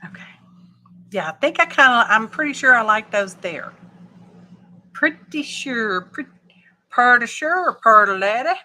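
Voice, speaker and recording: Slow, chatty woman crafting live. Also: fairly high pitch, expressive, pushed and bright. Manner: chatty, thinks aloud, folksy asides. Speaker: craft livestream host. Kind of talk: casual craft livestream chat.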